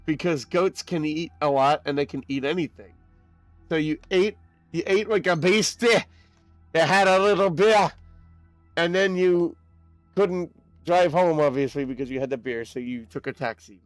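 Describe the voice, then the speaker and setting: A young man streaming a game, chatting casually with his audience in an excitable, rambling way with quick laughs. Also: on the high side, no echo, faint music behind. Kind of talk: casual live-stream chat while gaming.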